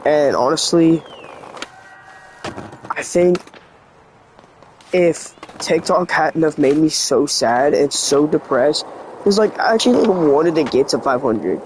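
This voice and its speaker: Teen guy talking to camera, kinda high voice, a bit sick and cracky, lots of "like". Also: expressive, slow pace, pauses often, a little mellow, slight background noise, poor audio. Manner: earnest, rambling, many "like" fillers. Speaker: vlogger. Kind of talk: confessional vlog talk.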